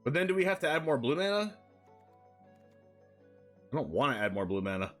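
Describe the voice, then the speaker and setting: A man chatting casually on a live stream, thinking aloud in quick rambling asides while building a card deck. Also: a little high, sing-song, fairly bright tone, soft background music.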